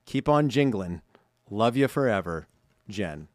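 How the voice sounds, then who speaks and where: A man's voice: fairly low pitch, big pitch swings, a little slow, darkish tone, no room sound. A man co-hosting a holiday podcast, reading listener cards aloud in a chatty way and laughing often. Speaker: podcast co-host. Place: studio. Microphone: studio microphone.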